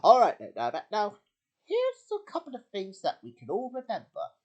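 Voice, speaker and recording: A man's voice: sits high, wildly swooping pitch, normal speed, slightly rough. A man hosting a homemade puppet show, talking in a rambling way with many slips and restarts. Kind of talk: casual chat.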